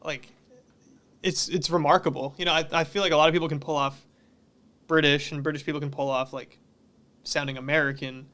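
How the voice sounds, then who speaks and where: A man's voice: on the high side, steady tone, a little fast, long pauses, pushed and bright. A man from the Boston area, a musician guest on a podcast, talking casually in a rambling way with many fillers. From Massachusetts, near Boston.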